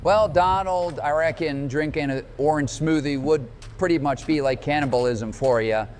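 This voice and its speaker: A man's voice: a little high, normal speed, a little mellow, slight background noise, close to an everyday voice. A man putting on a folksy male ex-president with a put-on Southern drawl and cowboy slang. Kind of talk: comedic gameplay voice impression.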